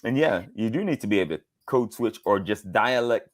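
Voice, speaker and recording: A middle-aged man from Georgia, a voice actor being interviewed, telling animated stories and acting out quotes in different voices. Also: fairly low pitch, a little fast. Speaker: voice actor guest. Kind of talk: casual interview storytelling.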